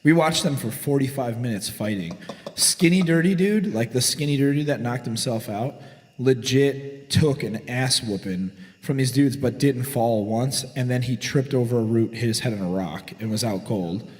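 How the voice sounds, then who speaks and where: A man's voice: mid-range voice, moderate pace, in a large hall. Profane, swaggering forty-year-old man in a garage. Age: 40s. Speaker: podcast co-host. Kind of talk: casual storytelling chat.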